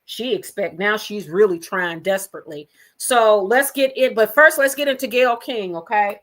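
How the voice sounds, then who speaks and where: A woman's voice: mid-range voice, normal speed, a bit bright. A woman hosting a casual gossip livestream from her own room at home, talking chattily and straight to her viewers. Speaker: livestream host.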